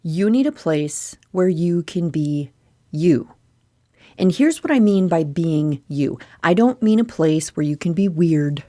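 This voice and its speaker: A middle-aged woman hosting her own podcast, talking casually and laughing, with sudden high squeals of delight. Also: lively intonation, measured pace, warm tone, dry recording, clean studio sound. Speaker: podcast host. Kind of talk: casual solo podcast talk.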